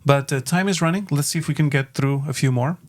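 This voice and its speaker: A man's voice: a little high, fast talker. A young man hosting a casual podcast chat, talking hesitantly with many fillers as he thinks aloud. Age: young adult. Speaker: podcast host.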